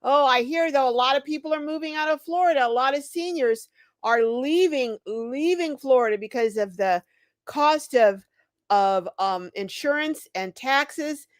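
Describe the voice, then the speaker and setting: A woman's voice: high-pitched, unhurried, no room sound. Breathless, bubbly woman livestream host. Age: older. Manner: bubbly, exclaims often. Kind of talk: casual livestream chat greeting viewers.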